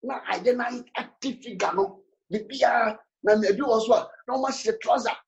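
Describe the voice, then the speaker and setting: A man preaching a sermon as pastor, switching between English and Twi, with animated delivery and sudden shouts. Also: extremely high pitch, brisk, dull audio.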